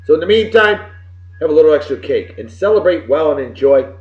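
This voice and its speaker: A middle-aged man hosting a web show from home, giving casual birthday shout-outs in a boisterous, folksy, wisecracking way with some swearing. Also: a little high, big pitch swings, a little fast. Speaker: show host. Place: home room with computer behind him. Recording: roomy, dull lo-fi webcam audio.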